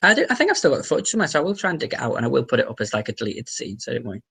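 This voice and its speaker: A man's voice: medium pitch, very animated, racing, vocal fry, bright, forceful tone, breathy edge. A young man from England chatting casually on a livestream from home, rambling through restarts, fillers and casual swearing. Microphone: webcam.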